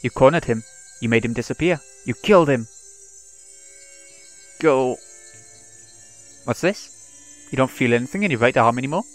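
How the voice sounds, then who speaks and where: A man's voice: mid-range voice, brisk, pauses often, faint music behind, natural voice. A man reading the lines of a vengeful teenage girl tormenting her captive, in a cold, mocking manner, in his own voice. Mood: taunting.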